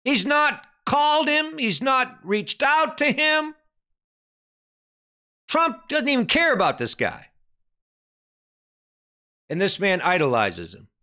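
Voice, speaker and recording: A man preaching a dramatic sermon, hammering questions at his listeners and then sinking to a low, grave tone. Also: very animated, slow, pauses often, pushed and bright. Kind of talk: impassioned sermon commentary.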